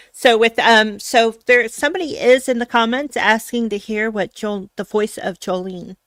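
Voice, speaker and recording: A woman's voice: on the high side, fairly even intonation, measured pace, a bit bright, no room sound. A woman host from Florida, chatting casually and giggling, with many fillers. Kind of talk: casual interview chat.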